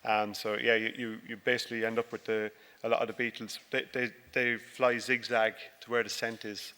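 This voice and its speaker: A man's voice: lowish voice, little pitch movement, normal speed, bright, forceful tone, clean tone. A dairy farmer giving a chatty, jokey conference presentation about his farm. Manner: jokey, chatty and self-deprecating. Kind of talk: informal conference presentation with slides. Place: large conference hall. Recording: long hall reverb.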